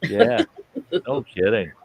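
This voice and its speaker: On a late-night livestream with lo-fi, muffled audio, a man chats casually and swears while telling a long joke using put-on voices. His medium-pitched voice swings hugely in pitch and carries vocal fry and a breathy edge. He speaks slowly, and there's no echo.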